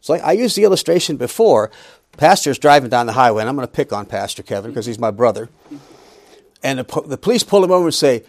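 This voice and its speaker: A man's voice: mid-range voice, very animated, fast, dry recording. A middle-aged man teaching a Bible lesson in an emphatic preaching style, with humorous asides.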